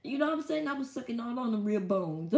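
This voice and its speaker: A woman from the United States, a live streamer telling a profane, animated story and laughing often, alone in a small room at home. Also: a little high, reverberant, a little hiss or hum. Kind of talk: casual storytelling monologue.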